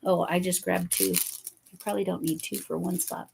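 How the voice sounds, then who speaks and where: A woman's voice: lowish voice, level tone, moderate pace, gravelly, slight background noise. A woman in her fifties hosting a crochet channel, chatting casually with viewers by name while she crafts, often correcting herself.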